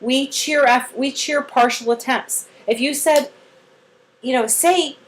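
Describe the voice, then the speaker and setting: A high-pitched woman trainer takes her time explaining a therapy method in casual conversation, heard on a low-quality recording. Like an animated storyteller, she acts out quotes, says "like" constantly, and offers cheerful bursts of praise.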